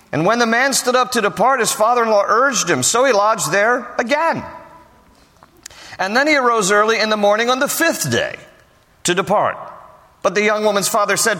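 A man's voice: sits high, animated, normal speed, pushed and bright. An older man giving a casual, joking verse-by-verse sermon, explaining the text in everyday slang. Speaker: pastor. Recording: long reverb of a hall.

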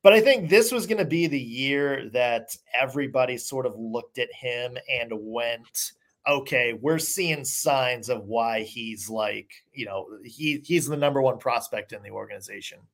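A sports podcast host talking casually, relaxed, with frequent "uh" fillers. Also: mid-range voice, a little slow.

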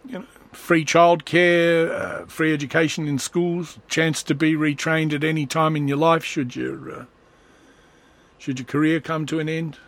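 A man's voice: fairly high pitch, little pitch movement, unhurried, gravelly, fairly bright tone. A man talking in a rambling, sarcastic comedic monologue as a vlogger. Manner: rambling, sarcastic, slips into voices.

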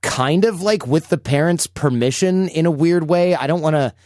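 A man's voice: fairly high pitch, normal speed, a little mellow, no echo, studio quality. A man hosting a podcast, chatting casually and telling stories animatedly. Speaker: podcast host.

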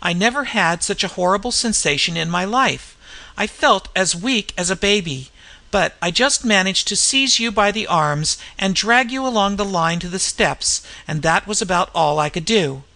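A frightened, deferential railway inspector, raised and eager in pitch, as a reader puts him on. His voice has a gravelly edge, and he talks with anxious respect in this storybook mystery. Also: expressive, normal speed, sharp tone. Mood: shaken.

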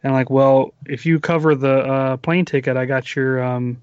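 A man's voice: mid-range voice, steady tone, moderate pace, darkish tone, clear, resonant tone, no echo. A man hosting a casual chat who rambles and trips over his own words. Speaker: podcast host. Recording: dry, muffled lo-fi recording.

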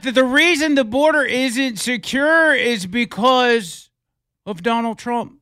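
A talk radio host with a strikingly high voice draws out his words slowly and with heavy sarcasm. His tone is sharp and smooth, recorded close and dry in the studio. He keeps firing mocking rhetorical questions at the audience. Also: expressive, dry recording. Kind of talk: opinionated talk radio commentary.

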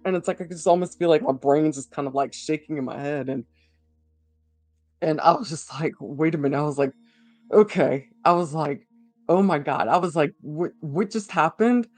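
Halting man, slightly high voice. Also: no echo, faint music behind. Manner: halting, full of fillers and restarts. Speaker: interviewee. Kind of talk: personal account in interview.

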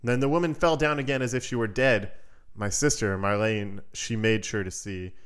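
A man's voice: fairly low pitch, moderate pace, a bit bright, clear, resonant tone. A man hosting a podcast who reads a fairy tale aloud in a casual, playful way and adds joking asides. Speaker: podcast host.

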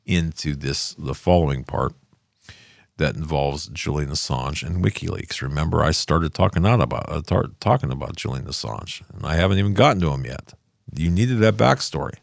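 An older man with a very low, gravelly voice talks in a loose, rambling monologue. He drifts off his point and circles back to it. The sound is dry and close, with no room around it. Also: no echo. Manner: rambling, loses his thread and restarts. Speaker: political commentary host. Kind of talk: casual monologue commentary. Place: home office studio.

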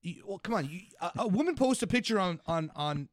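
A man's voice: sits high, animated, fairly quick, no room sound, studio quality. A middle-aged father co-hosting a casual podcast, arguing heatedly and swearing as he makes his points. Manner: heated, profane and emphatic. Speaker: podcast co-host.

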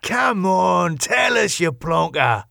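A man's voice: high voice, very animated, slow pace, gravelly, sharp tone, no room sound, clean studio sound, pitched above the performer's own voice, heavily acted. A man reading an audiobook, voicing a cheeky Englishman who teases and mocks his mate. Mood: goading. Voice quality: teasing, mocking.

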